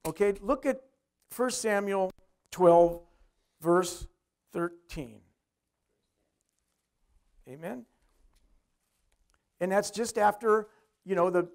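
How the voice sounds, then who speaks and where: A man's voice: high-pitched, a little mellow. A middle-aged male pastor preaching a sermon in a conversational way, often asking the congregation questions.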